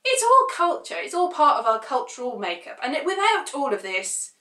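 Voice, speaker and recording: A woman with a bright, slightly high voice talks casually to camera. She rambles and offers opinionated, sarcastic asides, and her voice bounces around an echoey room. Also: big pitch swings, normal speed, a little hiss or hum. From United Kingdom. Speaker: vlogger.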